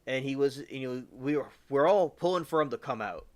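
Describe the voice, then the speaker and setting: A man's voice: mid-range voice, fairly quick. A man from the US South hosting a livestream, rambling casually with lots of fillers and restarts. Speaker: livestream host.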